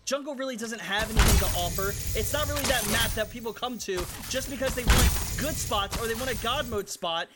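High-voiced man hyping his gameplay. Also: a little fast, few pauses, over loud music. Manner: animated, swings between low muttering and loud shouts at players. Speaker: gaming YouTuber hosting hide and seek. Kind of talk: excited gameplay commentary.

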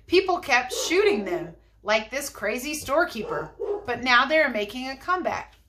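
A woman's voice: high voice, sing-song, moderate pace, far from the mic, noisy background. Woman doing a stern sulky game warden. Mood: disapproving.

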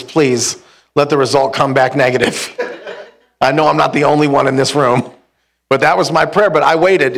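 A young male pastor preaching to a church congregation, telling a story in a lively, comic way. His voice sits a little higher than most men's, and he acts out the dialogue with bursts of laughter. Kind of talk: storytelling sermon. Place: church hall with live congregation.

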